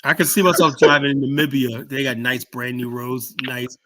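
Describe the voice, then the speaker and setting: A man's voice: medium pitch, steady tone, a bit bright. A man hosting a casual chat, talking loosely with plenty of swearing and fillers. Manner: loose and profane, drawn-out fillers. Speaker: podcast host.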